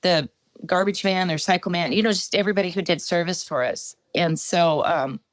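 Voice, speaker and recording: Woman, middle-aged, low voice, dry close sound, halting, lots of fillers, personal testimony. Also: no echo. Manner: halting storytelling with many fillers. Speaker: podcast guest.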